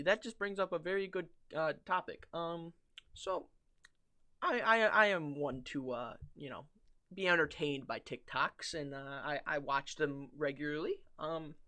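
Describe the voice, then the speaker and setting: A man's voice: on the high side, bright, forceful tone. A man co-hosting a comedy podcast, rambling with many fillers and restarts in casual chat. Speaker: podcast co-host.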